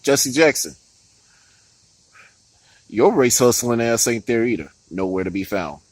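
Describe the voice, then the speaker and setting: Man, heated profane commentary, swooping animated pitch, dry close sound. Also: unhurried, no echo, poor audio. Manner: profane, heated, with frequent laughs and restarts. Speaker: political commentary vlogger. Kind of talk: ranting political commentary.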